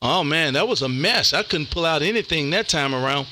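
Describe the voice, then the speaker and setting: A man's voice: a little high, expressive, a little fast, very noisy. A man, a ham radio operator chatting casually on air and calling CQ, laid-back and saying "man" a lot. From Texas. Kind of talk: casual radio chat and CQ calls.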